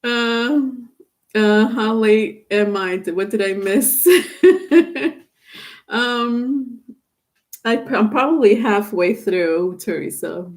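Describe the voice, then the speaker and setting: A woman's voice: a little high, drawn-out words, long pauses. A woman doing a live-stream tarot reading, chatty and loose, laughing often and trailing off with fillers and restarts. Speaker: tarot reader.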